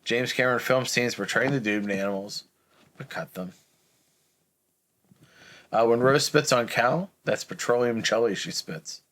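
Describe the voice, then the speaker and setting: A man's voice: medium pitch, a little slow, long pauses, fairly bright tone, a little hiss or hum. A man co-hosting a podcast, reading out movie trivia in a casual, chatty way. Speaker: podcast co-host.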